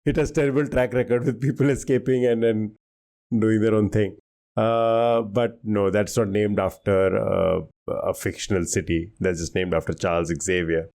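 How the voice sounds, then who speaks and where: A man's voice: on the low side, fairly even intonation, normal speed, creaky, darkish tone. A man from India on a quiz podcast, guessing answers aloud in a jokey, casual way. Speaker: quiz co-host.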